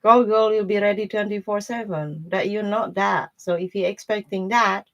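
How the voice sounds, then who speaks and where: A woman's voice: medium pitch, steady tone, moderate pace, dull audio. A woman giving a casual live-stream tarot reading, talking bluntly in loose, broken grammar and laughing often. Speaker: tarot reader.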